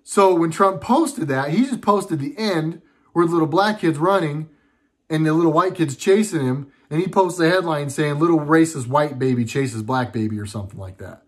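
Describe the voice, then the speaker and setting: A man's voice: a little high, expressive, normal speed. A young adult man from the United States giving a casual political commentary monologue, indignant, sarcastic and rambling.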